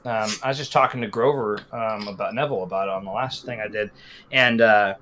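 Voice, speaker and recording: A man's voice: fairly low pitch, fairly quick, sharp tone. A man in casual chat who agrees a lot and jokes about himself. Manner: agreeable, lots of backchannel, self-deprecating. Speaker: podcast co-host.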